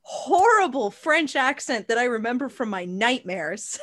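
A woman's voice: fairly high pitch, very animated, measured pace, fairly bright tone. A woman co-hosting a comedy podcast, reading game cards, laughing often and swearing bluntly. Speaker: podcast co-host. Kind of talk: casual comedy chat during a card game.

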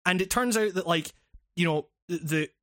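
A man talks through a game's story in loose, rambling chat, peppered with swearing and restarts. His voice sits high for a man. The recording is close and dry, with no room sound. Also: normal speed, a bit bright, no room sound. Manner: rambling, profane, with many fillers and restarts. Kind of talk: casual chat recapping a video game.

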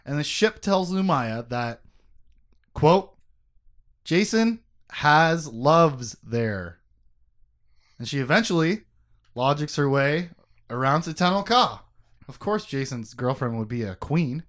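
A man's voice: a little high, lively intonation, moderate pace, fairly bright tone. A man co-hosting a casual podcast, rambling and self-mocking, swearing freely as he recaps a story. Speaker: podcast co-host recapping a book.

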